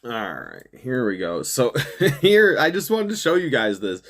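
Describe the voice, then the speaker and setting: A man's voice: mid-range voice, huge pitch swings, measured pace, fairly bright tone. A young man hosting a show, ranting profanely through political commentary with frequent laughs and mockery. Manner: profane, laughs often, mocking. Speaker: show host.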